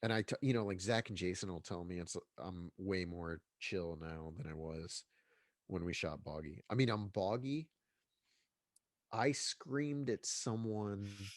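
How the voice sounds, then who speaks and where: Congested man with a lowish voice. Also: unhurried, dry recording, clean studio sound. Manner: rambling, with many restarts and fillers. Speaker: guest filmmaker. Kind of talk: casual interview chat.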